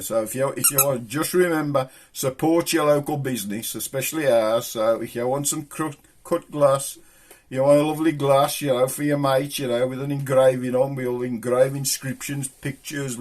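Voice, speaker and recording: A middle-aged English channel host with a Black Country accent chats casually to camera, rambling through jokes and chuckling at his own punchlines. His voice is mid-range and a little mellow, with fairly even intonation and a moderate pace.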